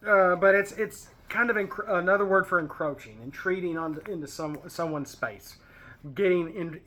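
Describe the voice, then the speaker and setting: Reading verses aloud at a casual Bible study, a man keeps drifting into chatty tangents and pop-culture references. His voice is a bit high for a man, bright and forceful.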